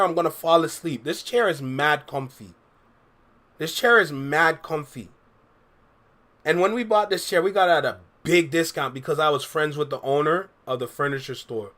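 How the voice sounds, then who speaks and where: Young guy streaming, laid back slangy chat with viewers, kinda high bright voice. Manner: laid-back slang-heavy banter, reading chat aloud. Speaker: reaction streamer. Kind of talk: casual livestream chat with viewers.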